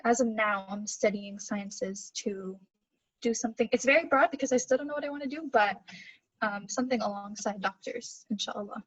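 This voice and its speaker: A woman's voice: mid-range voice, normal speed, breathy edge, dry recording, rough recording. A young Canadian woman with a Canadian accent, a guest answering in a giggly, hesitant way with many fillers. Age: young adult. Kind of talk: casual video-call interview.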